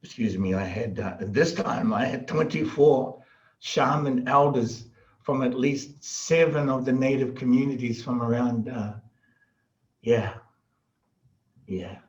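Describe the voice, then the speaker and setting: A middle-aged man, a podcast guest and shaman, telling stories in a casual, animated way, laughing often and acting out the voices of people he quotes. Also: mid-range voice, takes it slowly, lo-fi sound. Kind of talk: casual storytelling.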